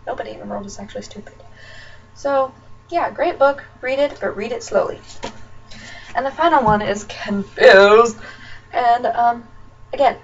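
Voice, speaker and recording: A young woman from Nebraska, USA, chats casually as a book vlogger, ranting in a chatty way with lots of fillers. Her voice is high and creaky, picked up by distant, dull webcam audio with faint noise.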